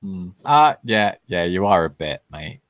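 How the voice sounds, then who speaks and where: A man's voice: sits low, big pitch swings, a little slow, no room sound, highs cut off. A man hosting a casual livestream Q&A, laid-back and sweary, laughing often and calling people mate over a video call. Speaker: host.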